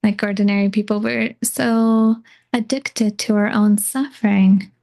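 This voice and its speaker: A woman with a mid-pitched voice hosts a podcast interview. She asks her questions gently and in a musing way. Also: steady tone, measured pace, vocal fry. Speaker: podcast host.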